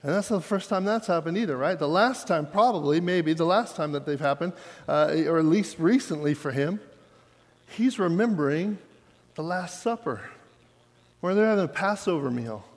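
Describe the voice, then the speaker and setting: A man's voice: a little high, lively intonation, normal speed. A man preaching a sermon, retelling a story in a casual, conversational way and building to fervor. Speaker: pastor. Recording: long hall reverb.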